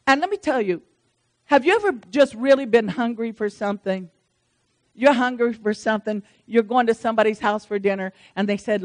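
A woman preacher giving a sermon to a congregation, talking in a lively, conversational way with repeated phrases and touches of humor. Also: on the high side, moderate pace.

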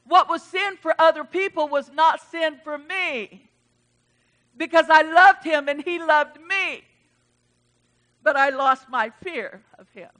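A middle-aged woman pastor preaching a sermon with passion, her voice swelling loud and dropping low.

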